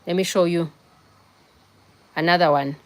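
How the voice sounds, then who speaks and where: A woman's voice: lowish voice, fairly even intonation, a little slow. A young woman hosting a casual livestream on her phone, chatting bluntly with viewers and scolding people in the comments. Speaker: livestream host. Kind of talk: casual live-stream chat with viewers.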